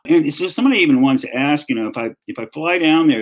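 A man in his fifties from North Carolina with a Southern accent, answering an interview question as an author and music journalist, relaxed and storytelling, often restarting his sentences. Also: a little high, quick pace, poor audio.

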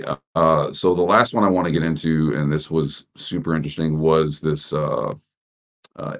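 Very deep-voiced man, casual commentary. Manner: conversational, rhetorical questions, frequent fillers. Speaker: podcast host. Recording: dull lo-fi sound.

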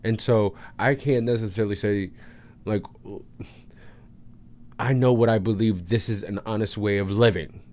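A man with a raspy, hoarse voice from a cold, co-hosting a casual podcast chat, jokey and animated. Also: on the low side, moderate pace, pauses often. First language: English not first language. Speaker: podcast co-host.

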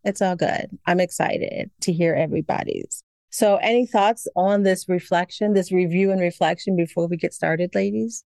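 A woman's voice: lowish voice, moderate pace, creaky, darkish tone, no echo, clean studio sound. A woman co-hosting a podcast in a casual, bubbly chat, laughing often as she talks. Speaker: podcast co-host.

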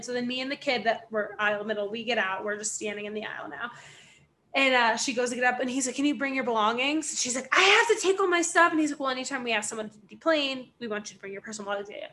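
Young woman, fairly high and bright, chatty storyteller who acts out her quotes. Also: a little hiss or hum. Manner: animated storytelling with voiced quotes, frequent "like" and swearing. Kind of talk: casual chat.

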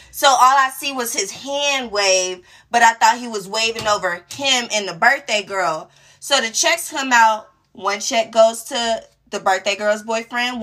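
A young woman hosting a radio talk show, telling a story casually and acting out each person's lines. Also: a little high. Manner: animated, acts out dialogue in different voices.

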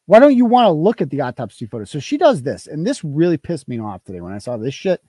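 A male show host in a profane, heated rant who keeps hammering the same points. His pitch leaps up and down as he gets worked up. The sound is close and completely dry. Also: big pitch swings, quick pace, mellow, dry recording. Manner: heated, swearing, repetitive. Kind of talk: profane ranting commentary.

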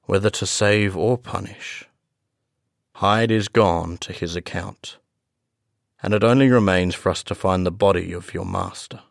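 A man playing a stern, commanding middle-aged male lawyer who speaks in a forceful, demanding way. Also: deep voice, a little slow, vocal fry, no echo, studio quality.

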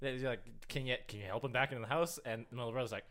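A man's voice: mid-range voice, very fast, a bit bright. A young man co-hosting a casual podcast, telling stories with frequent stammers and repeated words. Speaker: podcast co-host. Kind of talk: casual chat among friends.

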